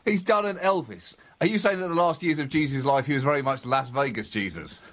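A man co-hosting a comedy podcast, teasing his partner with animated, mock-outraged emphasis. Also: mid-range voice, a little fast. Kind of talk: comic banter.

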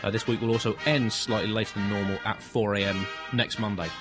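A man co-hosting a comedy podcast, with a dry, deadpan mock-newsreader delivery. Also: on the low side, fast talker, over music. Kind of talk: deadpan satirical news comedy.

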